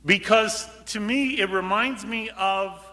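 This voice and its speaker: A man preaching a lively homily as a priest, switching to hushed voices for quotes and sometimes calling out loud. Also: high voice, slow, big-room sound. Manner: animated, acts out quotes in hushed voices, sudden shout. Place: large church.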